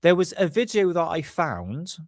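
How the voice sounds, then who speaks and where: A man's voice: fairly high pitch, sing-song, normal speed, dry recording, clean studio sound. A man hosting a casual livestream, rambling and chatty with a blocked-up nose. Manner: rambling, chatty, self-correcting. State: congested, stuffy sinuses. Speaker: livestream host.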